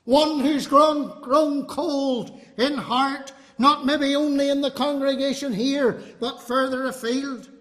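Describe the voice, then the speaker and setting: A man's voice: very high-pitched, fairly even intonation, slow pace, hardly any pauses, fairly bright tone. A man preaching a fervent, emphatic sermon to a congregation. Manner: fervent, emphatic, appealing to the listener. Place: congregation hall. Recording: long hall reverb.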